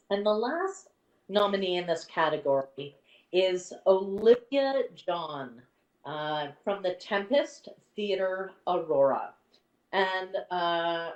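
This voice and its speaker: A woman presenting theatre awards as the adjudicator, effusive and full of praise as she introduces each nominee. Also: on the low side. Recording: echoey room, far from the mic.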